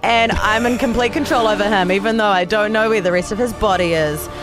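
A woman with a New Zealand accent voicing a deadpan, gloomy teenage girl, speaking slowly and deliberately. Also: mid-range voice, music in the background, lightly acted. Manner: slow, deliberate deadpan delivery.

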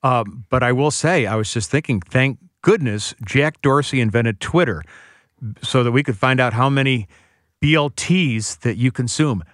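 A man's voice: mid-range voice, moderate pace, no echo, studio quality. A male author, a guest on a radio show, who tells one anecdote after another in a chatty way. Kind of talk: radio interview.

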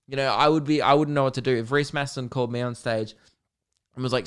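A young man hosts his solo podcast, rambling through stories in a loose, chatty way. His voice sits at an everyday mid pitch and sounds smooth and clear. He talks in a casual style full of fillers and the odd swear word. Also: fairly even intonation, fast talker. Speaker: podcast host.

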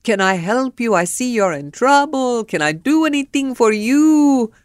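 A woman's voice: fairly high pitch, expressive, unhurried, no echo, clean studio sound, voice pushed up. A woman voicing a scruffy man with a Cuban accent who eagerly offers help in broken English. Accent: Cuban Spanish.

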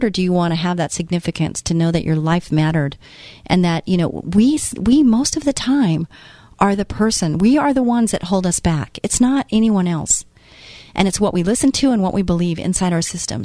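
A woman's voice: on the low side, darkish tone, no echo, studio quality. A woman in her late fifties hosting a faith-based talk show, speaking in an earnest, encouraging way. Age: 50s. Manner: earnest, encouraging, acts out voices of doubters. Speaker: host.

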